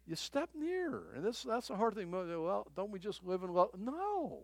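A man preaching a conversational sermon as a pastor, halting and repeating his phrases, often chuckling as he talks. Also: sits high, lively intonation, gravelly, no echo.

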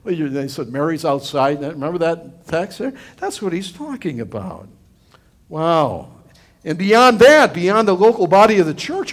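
A middle-aged man preaching to his congregation in a loose, conversational way. His voice sits high for a man and rises and falls a great deal. He circles back over his words with many restarts as he makes his point earnestly. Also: a little mellow. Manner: earnest, rambling, frequent restarts and fillers. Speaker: pastor. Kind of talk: conversational sermon.

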